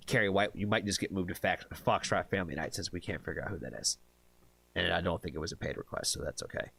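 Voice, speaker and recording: Man, from the US, livestream host, casual chat, bright tone, laughs often, stumbles on names. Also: low-pitched, gravelly, dry recording. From United States.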